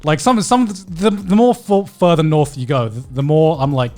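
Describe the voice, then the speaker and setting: British man, southern English, slightly high voice, agreeable, halting. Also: a little mellow. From southern England. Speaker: podcast co-host. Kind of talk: casual chat.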